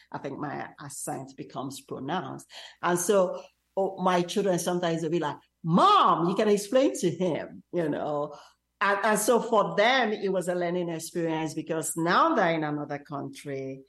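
Low-voiced Nigerian woman. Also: creaky. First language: Igbo. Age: middle-aged. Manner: thoughtful, storytelling with hesitations. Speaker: interviewee. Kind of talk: casual interview.

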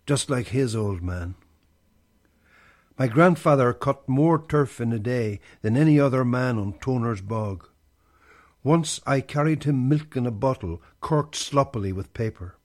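A man reading a poem aloud in a measured, deliberate recitation. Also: mid-range voice. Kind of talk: slow poetry reading.

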